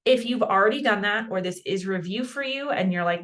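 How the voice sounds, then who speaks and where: A young woman teaching a casual beginner language lesson in a chatty, self-deprecating, animated way. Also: medium pitch, moderate pace. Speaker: Spanish teacher.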